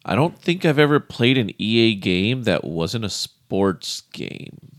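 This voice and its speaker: A man co-hosting a podcast in casual chat, relaxed, laughing often and restarting his sentences. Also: on the low side, measured pace, dry recording, clean studio sound. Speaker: podcast co-host.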